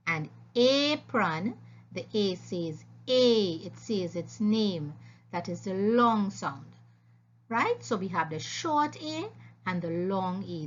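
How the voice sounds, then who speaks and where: A woman teaching a phonics lesson, speaking slowly and clearly and repeating the sounds for young learners. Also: medium pitch, a bit bright, a little hiss or hum. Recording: dull lo-fi voice-over.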